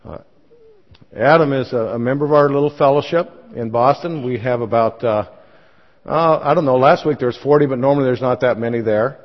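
A man's voice: medium pitch, fairly quick. A man in his fifties, a pastor telling his own story in church, folksy and self-deprecating with many fillers. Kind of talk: church talk with personal testimony. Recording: dull sound, long church reverb.

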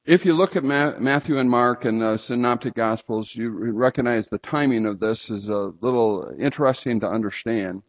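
A man preaching a sermon, telling stories and sometimes breaking into loud outbursts. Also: mid-range voice, moderate pace, few pauses. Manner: storytelling with sudden loud outbursts. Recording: slightly dull lo-fi sound.

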